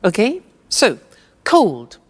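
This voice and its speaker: A woman teaches an English lesson slowly, drilling grammar forms with the viewer in a patient, over-enunciated way and prompting responses. Her husky, medium-pitched voice swings hugely in pitch, and a long reverb trails her words.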